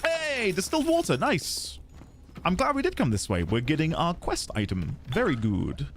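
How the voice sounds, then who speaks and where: Giggly streamer. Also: male voice, a little high, normal speed, a little hiss or hum. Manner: chatty, giggly, animated. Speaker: game streamer. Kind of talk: let's play commentary.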